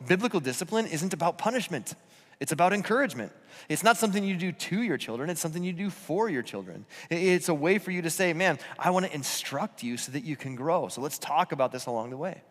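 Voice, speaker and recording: A man with a fairly high voice preaches a relaxed, conversational sermon, earnest and self-deprecating, stumbling and restarting now and then. His voice rings with the long reverb of a church auditorium. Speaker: pastor.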